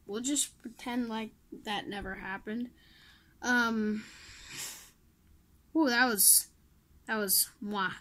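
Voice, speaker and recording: Slow-talking woman muttering over a game. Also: fairly high pitch, fairly even intonation, bright, forceful tone. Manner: self-mocking, pleading with the game, muttering asides. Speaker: gamer playing a mobile game. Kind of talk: casual gameplay commentary.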